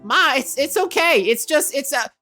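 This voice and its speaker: A woman voicing a gentle adult woman who talks in a soothing, reassuring way. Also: high voice, lively intonation, normal speed, soft background music, voice pushed up.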